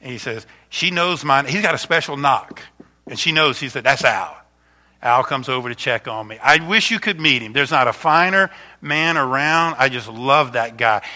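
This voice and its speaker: Speaking at medium pitch and a moderate pace, this man is a pastor in his fifties walking through a slideshow of stories before the sermon. He tells them warmly and chattily, often restarting.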